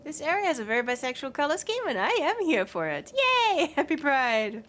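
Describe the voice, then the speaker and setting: A woman streaming a video game, chatting and commenting in a giggly way with bursts of high excited squeals. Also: fast.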